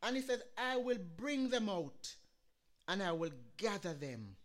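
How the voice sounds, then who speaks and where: A woman's voice: medium pitch, sing-song, a little slow. A woman preaching a sermon, quoting scripture and building to fervent emphasis.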